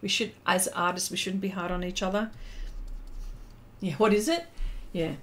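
A woman's voice: mid-range voice, fairly even intonation, moderate pace, a bit bright, slight background noise. A middle-aged Australian woman hosting a live art stream, chatting casually and reading out viewers' comments while she paints, with many fillers and restarts. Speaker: livestream art host.

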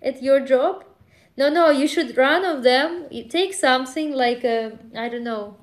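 Slow-talking woman streamer chatting casually. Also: high-pitched. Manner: rambling, laughing, with acted outbursts. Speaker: live streamer. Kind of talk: casual chat with viewers.

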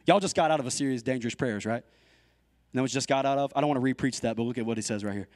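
A man's voice: medium pitch, fast, a little mellow, no echo. A man preaching as a guest pastor, talking casually with lots of fillers and building to emphatic peaks. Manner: conversational, many "like" fillers, rising to emphatic. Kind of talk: sermon.

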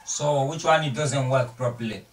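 A man's voice: mid-range voice, normal speed, lightly acted. A man acting a stubborn self-made computer fixer who talks in broken English and puts "bloody" into every sentence. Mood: insistent. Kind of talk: amateur comedy short film acting. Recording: distant mic with faint noise.

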